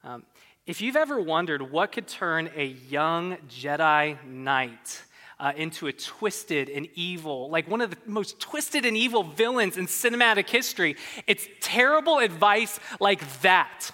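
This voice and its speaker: Bright, earnest preacher in a ringing hall. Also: medium pitch, animated. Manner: conversational, earnest, with quick asides and repeated restarts. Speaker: pastor. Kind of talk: sermon.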